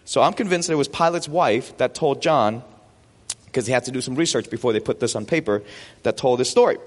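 A man preaching a sermon as pastor, animated and full of rhetorical questions. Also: mid-range voice, a little fast, big-room sound.

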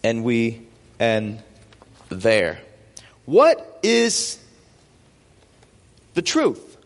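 A man preaching a sermon as pastor, animated and full of rhetorical questions. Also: medium pitch, drawn-out words, in a large hall.

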